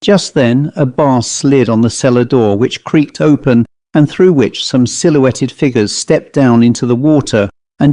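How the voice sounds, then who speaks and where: A man reading his own first-person ghost story aloud in a measured, suspenseful way. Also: medium pitch, dark tone, dry recording, studio quality. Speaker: author and reader. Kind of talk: first-person scripted narration.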